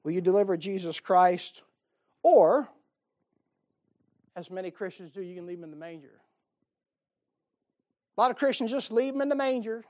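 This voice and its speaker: Pastor, male, folksy sermon delivery: rhetorical questions, playful asides, swings from hushed to loud. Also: high-pitched, brisk, pauses often. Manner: folksy, animated preaching with rhetorical questions and humor.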